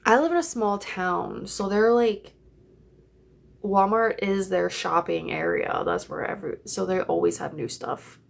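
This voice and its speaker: A woman's voice: medium pitch, measured pace, creaky. Young woman host, casual rambling livestream chat, swears a lot, talks into her phone. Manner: chatty, rambling, swears freely. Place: home, in bed.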